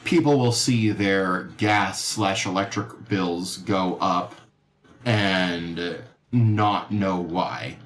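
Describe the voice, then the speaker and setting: A man's voice: low voice, very slow, fairly bright tone. A man co-hosting a gaming livestream, reasoning things out with fillers and teasing his co-host in dry banter. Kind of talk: casual livestream chat. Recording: roomy echo.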